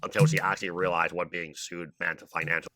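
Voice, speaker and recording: A man speaking in a measured, pointed way in a podcast clip. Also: low-pitched, little pitch movement, bright, forceful tone. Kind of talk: podcast talk.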